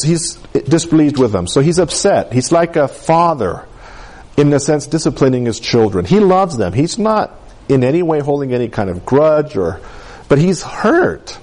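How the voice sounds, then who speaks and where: Animated, high-voiced man preaching a sermon. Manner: animated preaching, acting out voices of people he quotes.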